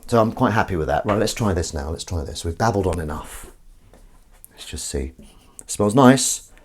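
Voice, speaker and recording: A man's voice: low voice, animated, normal speed, a little hiss or hum. Rambling, chatty man washing up. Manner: rambling, chatty, talks to viewers and his cat, sings little tunes. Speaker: live-stream host. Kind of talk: casual live-stream chat while washing up. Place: home kitchen.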